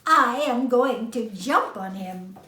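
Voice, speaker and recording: A woman voicing a bold, excitable young male mouse in a storybook reading, with a high squeaky voice. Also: takes it slowly, echoey room, distant mic, exaggerated voice. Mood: daring.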